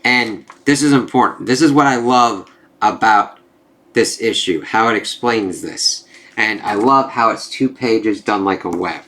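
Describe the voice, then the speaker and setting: A man's voice: lowish voice, measured pace, fairly bright tone. A young man talking casually in a rambling video review, swearing freely and filling gaps with "like". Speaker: comic book reviewer.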